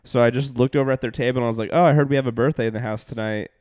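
A young man tells stories in a loose, rambling way, breaking into laughs and swearing freely. His voice is smooth and clear, recorded close and dry. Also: medium pitch, steady tone, rapid-fire, a little mellow, no echo. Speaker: comedian and podcast host. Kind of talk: casual storytelling chat.

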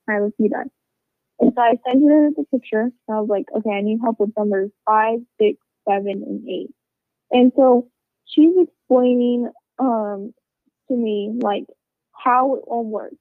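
A woman's voice: on the high side, measured pace, pauses often, dry recording. A woman telling a rambling, casual story, swearing a lot and filling it with "like" and "you know.". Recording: tinny phone-like sound, dry.

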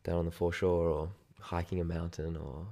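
Man, Australian accent, podcast guest, very low voice, gravelly, laid-back and enthusiastic. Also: flat delivery, fairly quick, mellow. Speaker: guest, aerial filming business owner. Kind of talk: casual chat.

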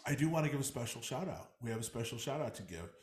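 A man's voice: medium pitch, lively intonation, fast. A man co-hosting a podcast, chatting loosely, swearing freely and repeating himself. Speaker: podcast co-host. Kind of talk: casual chat.

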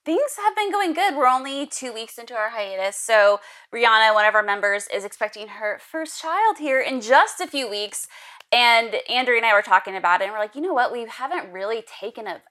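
A woman's voice: on the high side, lively intonation, a little fast, bright, forceful tone. A woman guesting on a podcast in casual chat, playful, teasing and bubbly.

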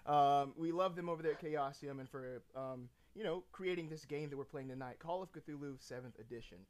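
A man's voice: on the high side, fairly quick. A man acting as game master for a tabletop role-playing game, often laughing and using lots of fillers.

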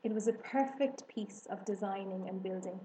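A woman narrating a children's storybook in an even, measured way. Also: mid-range voice, echoey room, a little hiss or hum, rough recording. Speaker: audiobook narrator.

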